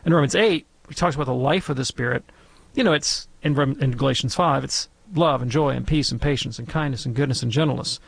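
A man's voice: medium pitch, brisk, vocal fry, no room sound. A man answering listeners' questions as a theology expert on a call-in radio show, speaking emphatically and repeating phrases for stress.

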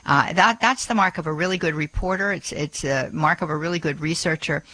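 A woman hosting a radio talk show, her voice bright and forward. She talks with lots of energy, full of fillers and quick restarts. She is close on a studio microphone in a dry room with no echo. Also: low-pitched. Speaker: radio host.

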